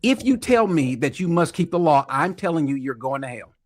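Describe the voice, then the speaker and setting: Man preaching, insistent and emphatic, kinda high voice. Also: expressive, a little fast. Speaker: preacher in a played clip.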